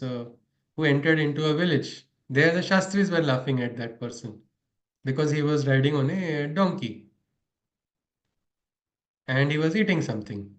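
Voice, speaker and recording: A man giving a spiritual lesson, telling stories, often chuckling and asking his audience questions. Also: on the high side. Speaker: spiritual teacher. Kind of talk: storytelling spiritual lecture. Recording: echoey room.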